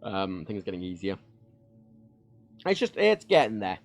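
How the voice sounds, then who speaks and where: A man's voice: low-pitched, very animated, normal speed, gravelly. A man chatting frankly on a home livestream, rambling with many fillers and restarts. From United Kingdom. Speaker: streamer. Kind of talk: casual livestream chat. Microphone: desk microphone.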